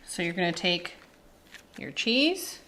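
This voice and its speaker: A woman's voice: lowish voice, big pitch swings, slow, pushed and bright, a little hiss or hum. A woman in her thirties hosting a casual home cooking video in her kitchen, chatty and playful, dropping in Spanish words as she talks. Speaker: cooking channel host.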